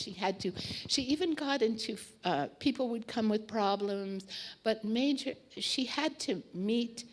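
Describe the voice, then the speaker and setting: Chatty woman telling an old story. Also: mid-range voice. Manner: chatty, with fillers and restarts, acting out quotes. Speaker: storyteller recalling memories. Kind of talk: casual anecdotal storytelling.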